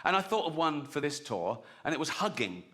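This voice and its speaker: An English stand-up comedian tells stories conversationally in a fairly high, sing-song, fairly bright voice at a fairly quick pace. He keeps checking in with the audience by asking "right?"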